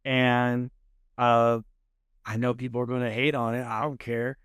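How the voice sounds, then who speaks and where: Male podcast guest, mid-pitched, relaxed and enthusiastic, dry studio sound. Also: measured pace, clear, resonant tone, dry recording. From California. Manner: laid-back, enthusiastic, says "man" and "dude" often. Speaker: podcast guest, food show host. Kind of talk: casual chat.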